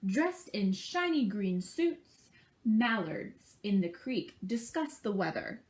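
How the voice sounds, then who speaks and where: A woman's voice: medium pitch, very animated, slow pace, darkish tone. A woman reading a picture book aloud to children at a library, stopping to chat and imitate bird calls with them. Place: library program.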